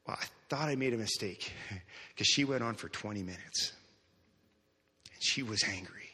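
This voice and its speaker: An earnest male pastor preaches, moving between hushed passages and raised, emphatic ones. His voice is bright and forceful with a husky edge. He is heard in a church with a long, ringing reverb. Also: on the low side, moderate pace. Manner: earnest, repeats words, swings from soft to loud. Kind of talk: sermon storytelling.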